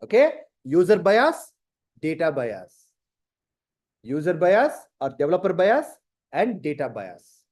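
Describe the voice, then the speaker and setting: High-voiced lecturer. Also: male voice, takes it slowly, pauses often. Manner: lively, rhetorical questions to students. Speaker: data science teacher. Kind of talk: classroom lecture.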